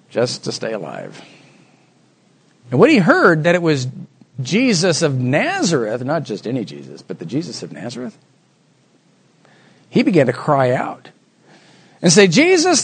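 A man preaching a sermon, acting out the voices of the Bible story with dramatic swings from soft to loud. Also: on the high side, husky.

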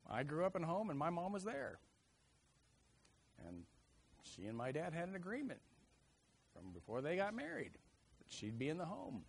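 Man preaching an animated sermon. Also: fairly high pitch, moderate pace, gravelly, pauses often, slightly rough. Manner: animated storyteller, acts out kids' shouts.

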